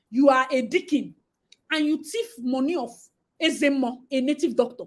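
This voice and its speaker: Nigerian woman, high-pitched, exclamatory, Pidgin-laced chat. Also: moderate pace. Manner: expressive, exclamatory, mixes Pidgin into talk. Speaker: livestream host reading viewer comments. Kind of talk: animated livestream chat.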